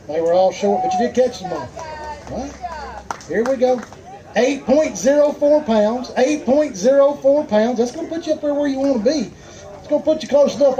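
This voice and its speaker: A man with a Southern US accent calls out weights at a live outdoor fishing weigh-in, his voice pitched very high yet mellow in tone. He keeps up folksy, joking banter with anglers and the crowd, upbeat and easygoing. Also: muffled recording. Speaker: tournament weigh-in emcee.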